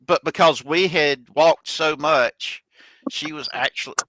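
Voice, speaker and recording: A man telling a long, halting family anecdote in a casual chat on a video call. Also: on the high side, a bit bright, no room sound, poor audio. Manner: rambling, halting anecdote teller. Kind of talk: casual storytelling.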